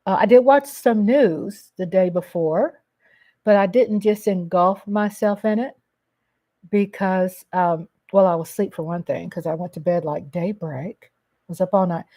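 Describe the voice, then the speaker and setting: A woman hosting a casual livestream, reading viewers' comments aloud and chatting in a slow, affectionate way, often calling them baby and darling. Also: on the low side, mellow. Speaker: livestream host reading chat.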